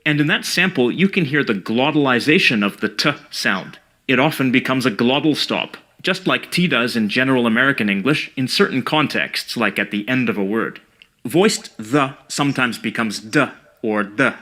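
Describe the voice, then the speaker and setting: A man giving scripted educational narration about speech sounds, in a measured and precise way. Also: mid-range voice, animated, bright, forceful tone. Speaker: language educator.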